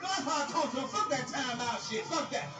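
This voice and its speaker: High-voiced man ranting crudely on stage. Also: brisk. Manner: loud, crude, animated ranting. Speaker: stand-up comedian. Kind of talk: profane stand-up storytelling. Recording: echoey live recording from far off.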